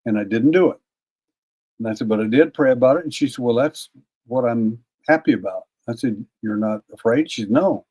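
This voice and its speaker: Husky older man telling a story. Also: mid-range voice, a little fast, darkish tone. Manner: folksy, repeats words, clears throat between bits. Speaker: interview guest, paranormal investigator. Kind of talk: casual anecdotal storytelling.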